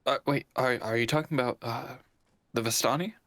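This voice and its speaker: A man talking casually as a player at a tabletop game, relaxed and quick to laugh. His voice sits at an ordinary middle pitch. The sound is close and dry. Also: no echo. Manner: easygoing, laughing often.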